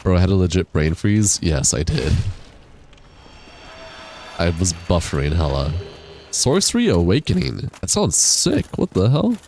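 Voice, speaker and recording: Deep-voiced young man streaming games. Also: vocal fry. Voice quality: deep, crackly chest voice. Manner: laid-back, rambling, swears casually. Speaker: game streamer. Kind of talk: casual livestream chat while gaming. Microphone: high-quality studio microphone.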